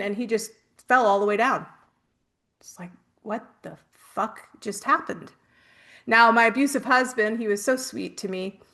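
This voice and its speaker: A woman's voice: fairly high pitch, fairly bright tone. A middle-aged woman hosting a spiritual workshop, telling chatty personal stories with casual swearing.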